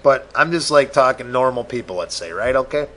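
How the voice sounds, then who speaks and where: A man's voice: mid-range voice, expressive, a little fast, a bit bright, a little hiss or hum. A man hosting a podcast, ranting profanely and exasperated, acting out both sides of imagined conversations. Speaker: podcast host. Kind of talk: solo rant podcast.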